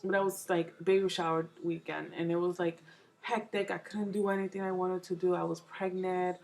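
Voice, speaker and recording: Young mom vlogger, from New York, rambling chat, low gravelly voice. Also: female voice, flat delivery, normal speed, a little mellow, rough recording. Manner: rambling, full of fillers and restarts. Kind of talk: casual chat to camera.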